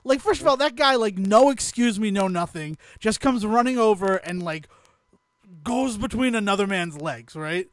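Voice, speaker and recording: A man co-hosting a casual podcast, his voice sitting high for a man. He tells his story loosely, laughing through it and swearing freely. The sound is dry and close, with no room around it. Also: lively intonation, moderate pace, dry recording. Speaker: podcast co-host.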